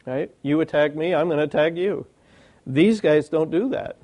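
A man delivering a sermon, moving between reading old commentary and asking his hearers questions. His voice is gravelly and warm, pitched a little high. The sound is dry and close. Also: normal speed, dry recording. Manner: reads old commentary aloud, breaks off to ask the listeners questions. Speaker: preacher.

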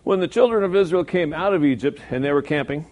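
A man preaching a sermon in a conversational way, now and then jumping to loud emphasis and acting out quoted voices. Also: fairly high pitch, fast.

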